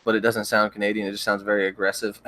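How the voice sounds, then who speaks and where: A young man hosting a livestream, chatting casually with viewers in a relaxed, rambling way with frequent stammered restarts. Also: on the low side, fast talker, no room sound. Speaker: livestream host. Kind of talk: casual chat reading viewer comments.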